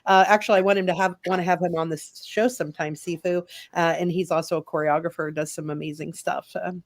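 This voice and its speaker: A woman's voice: on the low side, fairly even intonation, quick pace, no echo. Chatty woman guest with a dry sound. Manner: chatty, laughs easily, fills with "uh". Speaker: guest, stage actor. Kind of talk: casual panel talk.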